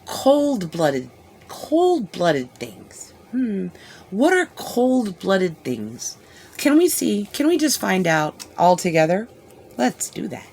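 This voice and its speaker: Slow, lilting woman musing aloud. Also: mid-range voice, very animated, creaky, slightly rough. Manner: musing aloud with rhetorical questions and soft giggles. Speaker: live video reactor. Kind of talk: rambling live reaction commentary.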